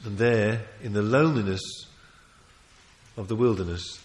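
A man preaching a sermon, emphatic and animated, often restarting his phrases and adding asides. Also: lowish voice, normal speed. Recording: long reverb of a large hall.

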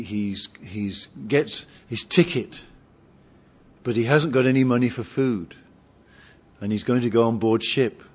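A man preaching a sermon, climbing to loud emphatic peaks and dropping to quiet, low asides. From Britain. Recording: dull lo-fi sermon recording.

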